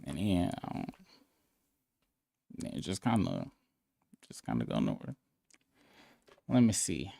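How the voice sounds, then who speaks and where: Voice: extremely low pitch, huge pitch swings, measured pace, gravelly, pauses often, dark tone, no echo, studio quality. Profane, rambling live-stream host. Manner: profane, rambling, incredulous outbursts. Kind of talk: casual live-stream chat.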